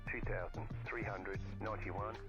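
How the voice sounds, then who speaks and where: A man voicing a race engineer giving calm, informative radio briefings in a racing game. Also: low-pitched, normal speed, highs cut off, soft background music. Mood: matter-of-fact.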